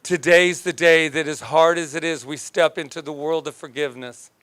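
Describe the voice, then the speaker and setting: A man's voice: on the high side, fairly even intonation, normal speed, fairly bright tone, clean tone, no room sound. A man preaching a sermon as minister, emphatic and joking, often laughing as he talks.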